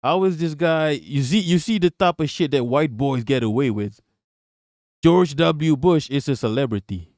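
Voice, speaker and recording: A live streamer reacts to the news and chats with viewers, profane and sarcastic throughout. His voice is a little high and darkish in tone at a normal speed, with a dry, clean studio sound.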